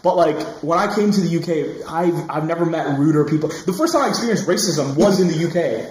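A man's voice: a little high, animated, brisk, a little mellow, roomy sound, rough recording. A young man from Canada, a podcast co-host, telling rambling stories in a casual chat. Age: young adult. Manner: chatty, rambling storyteller.

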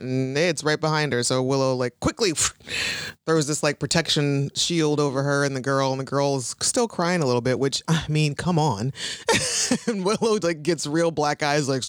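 A woman's voice: deep voice, moderate pace, no room sound, clean studio sound. A woman co-hosting a casual podcast, recapping a TV episode, laughing often and acting out characters' lines in put-on voices. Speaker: podcast co-host.

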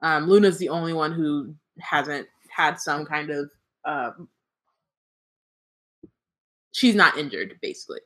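A woman's voice: sits low, lively intonation, a little slow, pauses often, fairly bright tone. A woman co-hosting a book podcast, reading passages aloud between casual, joking chat peppered with swearing and laughter. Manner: laughs often, swears, many "um" fillers. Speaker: podcast co-host reading the chapter.

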